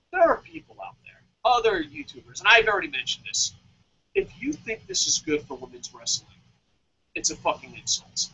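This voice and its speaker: A man co-hosting a podcast, ranting about wrestling with heated, repetitive swearing and sudden shouted bursts. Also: sits high, highs cut off. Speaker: podcast co-host. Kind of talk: profane wrestling review rant.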